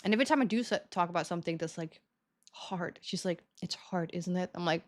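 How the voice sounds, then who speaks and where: A woman's voice: fairly low pitch, quick pace. A young woman streaming, chatting casually to her viewers, self-mocking and laughing often as she acts out conversations.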